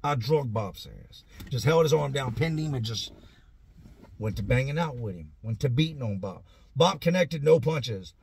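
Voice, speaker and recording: A man telling a profane, animated story about his own past in a casual, conversational way. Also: medium pitch, moderate pace, gravelly, a little hiss or hum. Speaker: vlogger telling prison stories.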